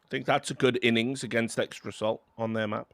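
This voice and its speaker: A man's voice: mid-range voice, fairly even intonation, fairly quick, no echo. A man, casually commentating a game and telling rambling, self-mocking stories. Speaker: esports caster.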